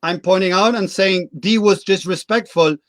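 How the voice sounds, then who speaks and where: A man's voice: high-pitched, normal speed, a bit bright, dry recording. A middle-aged man, a guest coach in a casual interview, explaining his views earnestly with everyday examples.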